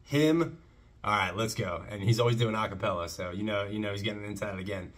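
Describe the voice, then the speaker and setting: A man's voice: lowish voice, fast. A man hosting a casual faith-based music reaction, talking with enthusiasm and breaking into short preaching asides. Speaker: reaction channel host.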